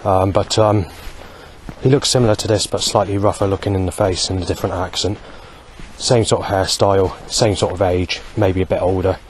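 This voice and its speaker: Brief: low-voiced man, rambling vlog monologue, faint street noise behind. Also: steady tone, brisk. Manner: rambling, with many fillers. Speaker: vlogger. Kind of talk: walking monologue. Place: outdoors on a street.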